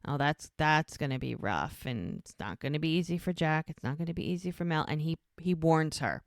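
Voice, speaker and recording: A woman's voice: low-pitched, lively intonation, a little fast, creaky, no room sound, studio quality. A woman co-hosting a podcast, casually recapping an episode and acting out the characters' lines as she retells scenes. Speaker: podcast co-host.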